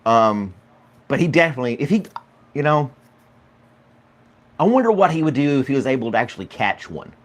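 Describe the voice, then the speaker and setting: A man's voice: mid-range voice, very animated, brisk, pauses often, a little hiss or hum. A man hosting a casual morning livestream, chatty and rambling, greeting viewers by name and laughing often. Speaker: podcast host.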